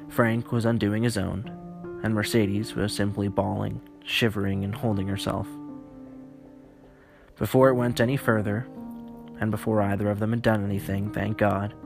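Low-voiced man narrating a grim tale. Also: gravelly. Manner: weary, profane first-person storytelling. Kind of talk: horror story narration.

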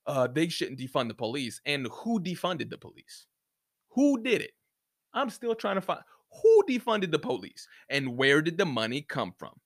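A man's voice: mid-range voice, sing-song, normal speed, fairly bright tone. A man hosting a solo podcast, ranting in a profane, heated and sarcastic way, often mocking other people's views. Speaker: podcast host. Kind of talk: opinionated solo podcast rant.

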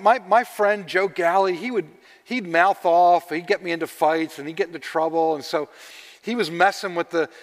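Man preaching, storytelling sermon, loud-to-hushed swings, fairly high voice, echoing hall. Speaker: pastor. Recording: long reverb of a large hall.

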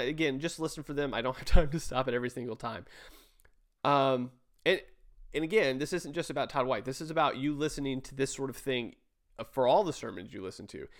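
A man talking through a sermon review in a loose, conversational way. His voice sits at an ordinary pitch, and he stops to restart his sentences and toss in asides as he criticizes what he hears. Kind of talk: casual commentary over a played sermon.

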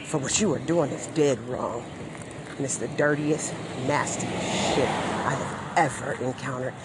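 A woman's voice: very deep voice, steady tone, a little slow, very noisy. Furious profane woman in her forties. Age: 40s. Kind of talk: angry rant vlog.

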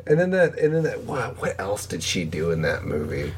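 A man with a fairly low voice talks in a loose, slangy way about movies, his pitch swinging widely as he gets excited. He breaks into shrill squeaky voices to quote scenes. Faint room ambience sits behind him. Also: normal speed, a little hiss or hum. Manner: animated, slangy, leaps into high squeaky voices when quoting scenes. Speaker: podcast guest. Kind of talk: casual chat.

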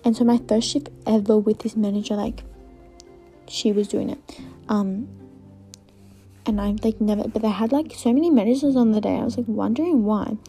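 A woman's voice: a little high, moderate pace, long pauses, warm tone, faint music behind. A young woman hosting her own podcast, telling a story in a rambling, casual way full of fillers, sometimes dropping to a whisper. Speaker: podcast host.

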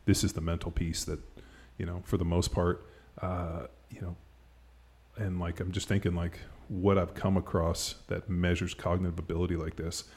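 Deep gravelly man rambling casually. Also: level tone, moderate pace, a little mellow. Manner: rambling, filler-heavy, lots of "like"; laughs easily. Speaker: podcast host. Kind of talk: casual chat.

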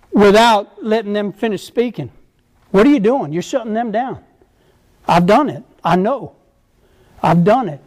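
A man's voice: extremely high pitch, darkish tone. A middle-aged man preaching to husbands and fathers, earnest and exhortative, repeating his key phrases. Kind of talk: sermon to men.

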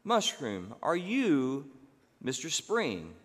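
A man voicing a naive, earnest young male bunny rabbit who asks questions slowly and wonderingly. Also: on the high side, huge pitch swings, breathy edge, voice pushed up, exaggerated voice. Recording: long hall reverb.

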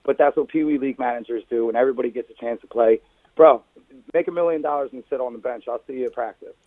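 A man's voice: mid-range voice, fast, no echo, phone-quality sound. A man who is a guest on a casual sports podcast gives blunt opinions and folksy sayings, often calling the host brother.

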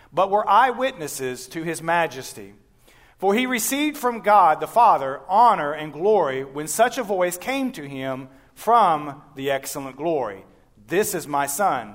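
Earnest man reading scripture aloud. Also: on the high side. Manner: earnest, with small stumbles and fillers. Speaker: scripture reader.

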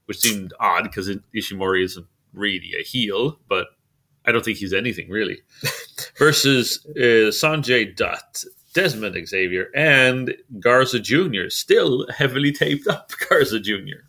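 A man co-hosting a casual podcast chat about wrestling, talking in halting bursts with many fillers and restarts, chuckling now and then. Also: fairly low pitch, animated, sharp tone. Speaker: podcast co-host.

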